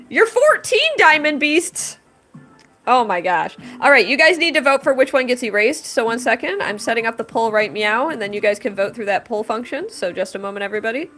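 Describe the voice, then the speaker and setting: A woman's voice: fairly high pitch, a bit bright. A woman in her thirties chatting casually with her livestream audience while she draws. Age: 30s. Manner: chatty, talking to chat while drawing. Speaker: livestream artist.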